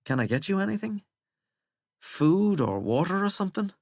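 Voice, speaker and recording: An earnest, unsure teenage boy, as a male narrator puts him on in an audiobook. His speech is hesitant and sincere, with a lively, rising pitch. The voice is dry and close. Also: normal speed, dry recording, exaggerated voice.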